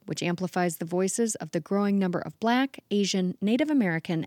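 A woman's voice: medium pitch, darkish tone, no room sound, studio quality. Woman presenting a public radio segment. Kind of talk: scripted radio narration.

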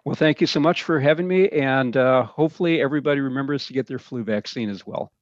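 A male doctor explains things carefully on a radio interview, pausing with fillers. His voice comes through a dull, muffled remote line and sounds dry. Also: mid-range voice, dry recording. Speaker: physician guest.

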